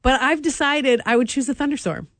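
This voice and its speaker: A chatty woman hosts a morning radio show. Her voice sits a little high and sounds animated as she laughs her way through a casual chat. The studio mic gives a close, dry sound. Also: brisk, no echo. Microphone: studio microphone.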